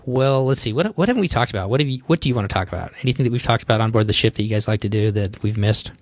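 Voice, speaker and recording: A man hosting a podcast, chatting casually and quickly with lots of "like" fillers. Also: fairly low pitch, dry recording. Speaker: podcast host. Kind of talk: casual chat.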